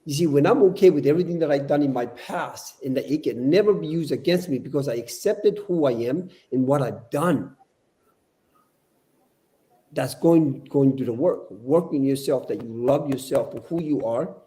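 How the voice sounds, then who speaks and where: A man's voice: medium pitch, moderate pace, warm tone. Older man preaching earnestly on a podcast. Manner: earnest, preachy, repeats words. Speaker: podcast guest. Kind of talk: casual podcast discussion.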